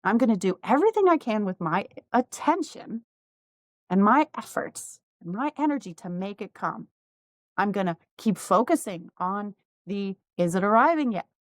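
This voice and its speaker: A woman's voice: medium pitch, big pitch swings, normal speed, dry recording. A middle-aged woman, a podcast host and life coach, telling a personal story candidly and with feeling, with frequent asides.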